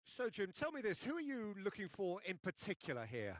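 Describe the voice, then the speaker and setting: A man giving play-by-play football commentary in a video game, building up excitedly and shouting at goals and shots. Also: high voice, a little fast, dry recording.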